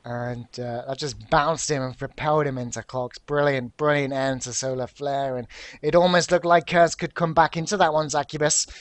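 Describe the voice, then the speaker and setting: A male caster calling an online shooter tournament, his voice sitting a little high. He gets excitable and loud at the big plays. The sound is dry and close to the mic. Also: normal speed, no echo. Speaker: esports caster. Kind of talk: live esports commentary.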